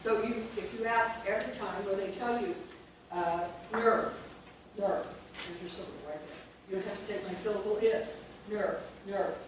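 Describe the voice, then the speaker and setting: A woman runs a phonics training workshop for teachers, drilling sounds and syllables and quizzing the room. Her mid-range voice stays fairly even in intonation, and she talks fast with few pauses. The recording is noisy, with an echoey room and a distant mic.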